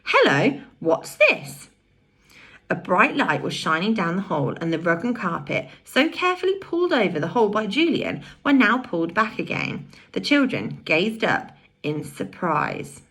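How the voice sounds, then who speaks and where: A woman reading a children's novel aloud with expressive storytelling. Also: mid-range voice, slightly rough. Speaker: audiobook reader.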